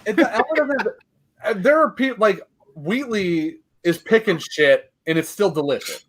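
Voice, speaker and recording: A man hosting a relaxed whiskey chat, talking in an animated way and swearing freely. His voice sits a little high, and he laughs often between points. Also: moderate pace, low-quality recording. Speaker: podcast host.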